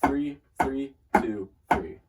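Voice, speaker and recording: A man in a casual drumline lesson, talking at a middle pitch and trailing off as he demonstrates. He sits a little away from the mic. Loud drum music plays behind him. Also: very slow, distant mic. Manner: chatty, self-deprecating, trails off mid-demonstration. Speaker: drumline instructor.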